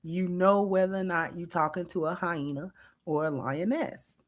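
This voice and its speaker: Femme emphatique qui commente un extrait. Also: female voice, fairly low pitch, normal speed. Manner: emphatic, rhetorical questions. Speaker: livestream host reacting to a clip. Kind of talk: casual commentary to live chat.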